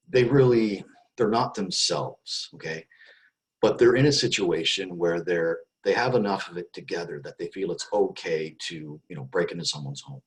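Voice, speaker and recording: A man's voice: sits low, poor audio. A man hosting an interview, asking questions in a loose, conversational way. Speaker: interview host.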